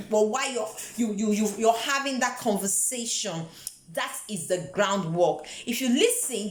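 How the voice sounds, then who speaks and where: A woman from Nigeria with a Nigerian accent, giving an earnest, emphatic motivational talk about work, often repeating words as she searches for the next one. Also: a little high. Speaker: vlogger. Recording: echoey room.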